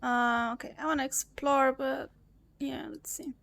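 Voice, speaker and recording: A young woman playing a story game, animatedly commenting and reading texts aloud in quick bursts. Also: sits high, steady tone, creaky, a bit bright. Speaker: gaming streamer. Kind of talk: let's play commentary.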